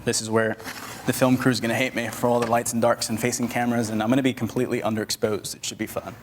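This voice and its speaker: A man's voice: mid-range voice, flat delivery, fast. Guy running a photo lighting demo, cracks jokes, bossing helpers around, big echoey hall, bit of hiss. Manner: joking, chatty, directs assistants on set. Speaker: photography instructor. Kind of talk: live photography workshop demo. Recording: hall reverb, faint noise.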